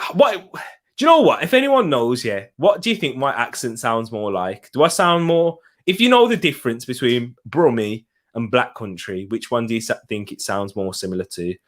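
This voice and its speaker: A young man with a mild Birmingham accent talks through a football match as it happens, reacting to his viewers. His voice sits at a middling pitch, and he is chatty and excitable, quick to burst out at a chance or a goal. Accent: Birmingham English. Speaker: football watch-along streamer. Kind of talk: live casual commentary.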